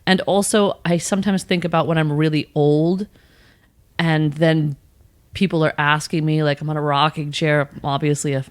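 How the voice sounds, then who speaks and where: A woman guest, a spiritual coach, chatting casually on a podcast with animated asides and laughter. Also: sits low, moderate pace, no echo.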